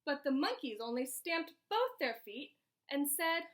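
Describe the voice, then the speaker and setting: A woman teacher doing an animated read-aloud for children, asking them questions as she goes, recorded over a video call. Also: high-pitched, unhurried. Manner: animated, asks listeners questions.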